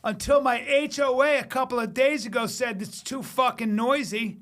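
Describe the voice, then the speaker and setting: A man speaks with a fairly high voice, telling stories in a loose podcast chat. His delivery is punchy and profane, jumping quickly between beats. He sounds like a comedian working the room. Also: a bit bright. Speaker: guest comedian. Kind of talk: animated storytelling in casual chat.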